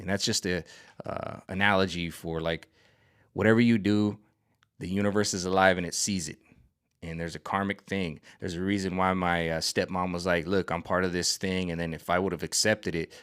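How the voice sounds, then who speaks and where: Man, vlogger, low-pitched, rambling and excitable, stumbles over his words. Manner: rambling and excitable, with many restarts and stammers. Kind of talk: casual spiritual rant to camera.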